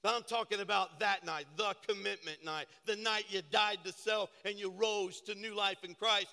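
Older preacher guy, high bright voice, goes from hushed to shouting, big church echo. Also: fairly even intonation, normal speed, creaky. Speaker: pastor. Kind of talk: sermon. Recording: church sanctuary reverb.

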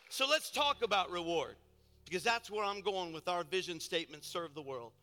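A man's voice: high voice, lively intonation, normal speed. A man preaching a sermon as pastor, telling a story with fervent delivery. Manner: storytelling, building to loud preaching; soft and intimate in storytelling, loud and fervent in exhortation.

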